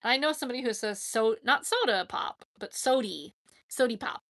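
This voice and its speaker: Woman, livestream host, casual rambling chat, bright tone. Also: fairly high pitch, lively intonation, moderate pace. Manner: chatty and rambling, laughs often.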